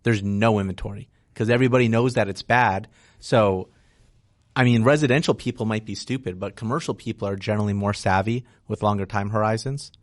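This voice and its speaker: A man's voice: fairly low pitch, steady tone, fairly quick, no echo, clean studio sound. A man speaking as a real estate investor guest in a casual interview, frank and explanatory, often tagging "right?" onto his points.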